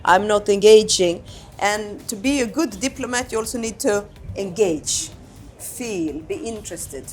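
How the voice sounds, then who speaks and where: A woman ambassador, answering interview questions in a reflective, unhurried way and often repeating her words. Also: mid-range voice, faint music behind. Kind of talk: candid conversational interview answers.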